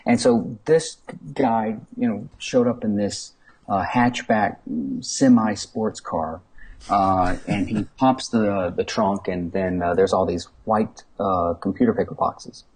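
Man, husky voice, low register, rambling chatty guest. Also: slow, darkish tone, poor audio. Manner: rambling, laughing, many fillers. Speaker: guest, toy collector. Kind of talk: casual anecdotal storytelling.

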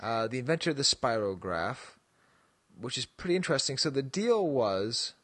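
A man's voice: medium pitch, sing-song, normal speed, fairly bright tone, slightly rough, no room sound. Rambling, jokey male podcast co-host. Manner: rambling and jokey, laughs often, trails off with "so". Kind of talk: casual chat.

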